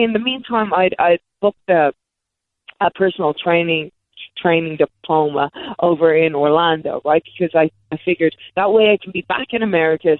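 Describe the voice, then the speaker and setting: A lowish-voiced woman in her thirties tells long personal stories as an interview guest, rambling and correcting herself with frequent restarts. The talk is candid storytelling over a tinny, phone-like line that's dry with no room sound.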